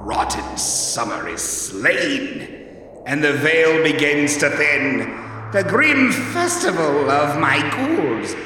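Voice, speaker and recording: A man's voice: on the high side, very animated, slow, pushed and bright, exaggerated voice. A man reading a spooky verse in the role of a skeleton ghost, in a dramatic manner. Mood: ominous. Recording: echoey hall, far from the mic, with noise.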